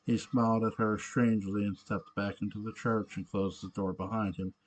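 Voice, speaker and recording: Low-voiced man reading a story haltingly. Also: level tone. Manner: halting reading with frequent self-corrections. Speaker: narrator.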